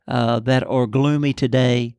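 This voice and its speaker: A man's voice: medium pitch, steady tone, unhurried, vocal fry, darkish tone, clear, resonant tone, no echo. An older man co-hosting a podcast, telling a story and then praying in an earnest, preacherly way. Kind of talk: storytelling and prayer.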